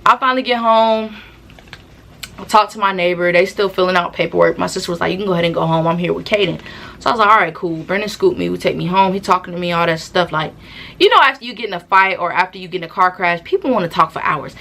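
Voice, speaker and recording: A young woman vlogger, telling a storytime tale in a casual, animated, slangy way with laughing asides. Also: fairly low pitch, fast talker, vocal fry.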